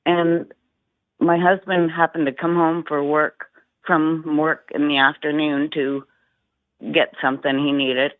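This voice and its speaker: A woman's voice: low-pitched, level tone, a little slow, dry recording. A Canadian woman calling in to a radio show, talking hesitantly and with many fillers. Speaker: caller. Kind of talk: phone-in chat. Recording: tinny phone line.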